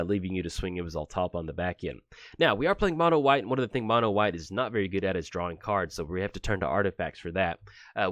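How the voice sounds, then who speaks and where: A man with a low, deep voice talks quickly through a card game deck in a casual way. He keeps up a brisk, chatty flow dotted with "uh"s. The sound is dry and close. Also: dry recording. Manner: brisk and chatty, with frequent filler "uh"s. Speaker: deck tech presenter.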